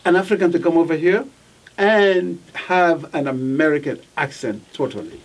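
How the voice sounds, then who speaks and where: A man's voice: on the high side, normal speed. Hesitant interpreting man, distant mic. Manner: relays questions, hesitant fillers and repeated words. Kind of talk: interview, interpreting between speakers. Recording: voice picked up from a distance.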